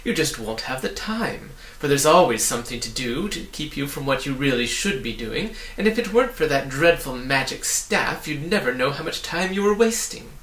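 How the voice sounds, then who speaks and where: A sly, menacing storybook demon of petty chores, put on by a male reader, snarling one moment and wheedling the next. The voice is bright and sharp, and it rings in an echoey room. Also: medium pitch, expressive, normal speed, hardly any pauses, lightly acted.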